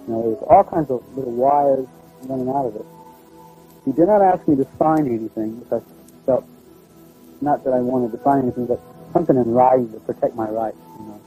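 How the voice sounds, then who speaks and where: A man telling a personal story in a plain, halting, conversational way. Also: mid-range voice, mellow, poor audio. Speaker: storyteller recounting a personal experience. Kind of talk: first-person spoken recollection.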